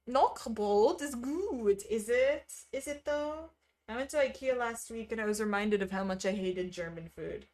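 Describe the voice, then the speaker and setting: Streaming live, a chatty young woman reads her viewers' messages out loud, laughs a lot, and lets her pitch swing lively as she talks casually with the chat.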